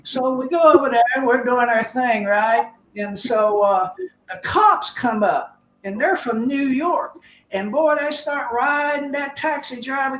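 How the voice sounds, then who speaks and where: A man's voice: very high-pitched, a little slow, fairly bright tone, slight background noise. Older man, former ballplayer, rambling anecdotes, echoey room. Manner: rambling anecdotes, chuckles often. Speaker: guest, former baseball player. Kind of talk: casual storytelling.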